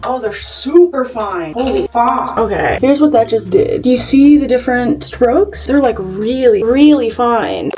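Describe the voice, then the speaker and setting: A woman's voice: on the high side, expressive, a little slow, music in the background. A woman vlogging casually at home to a phone camera, chatty and nervous, swearing freely. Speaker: beauty vlogger.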